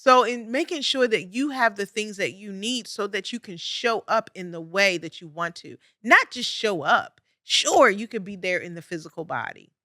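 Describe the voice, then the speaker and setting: A woman's voice: medium pitch, lively intonation, moderate pace, few pauses, pushed and bright, dry recording, clean studio sound. A middle-aged woman hosting a podcast, giving conversational advice with emphatic repetition and frequent light laughs. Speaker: podcast host. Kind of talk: conversational coaching monologue.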